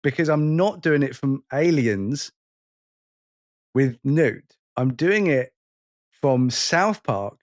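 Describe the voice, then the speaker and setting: This forties-aged podcast co-host speaks with a fairly high pitch and lively intonation. His chat is casual and meandering, full of self-deprecating jokes, ready laughter, and quoted lines.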